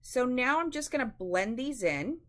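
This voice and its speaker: A woman's voice: high-pitched, lively intonation, moderate pace. A woman hosting a live-stream craft demonstration, chatty and instructive, often calling her viewers "guys.".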